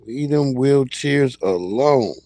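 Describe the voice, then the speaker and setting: A man hosting a livestream, chatting in a casual comedic way, laughing often and acting out loud yelled quotes. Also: medium pitch, expressive, slow pace, no echo. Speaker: livestream host.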